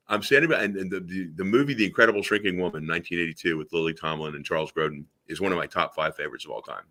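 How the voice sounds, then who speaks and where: A man's voice: deep voice, sharp tone. A man hosting a talk radio show, telling rambling anecdotes full of fillers and restarts. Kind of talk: casual chat, anecdotes.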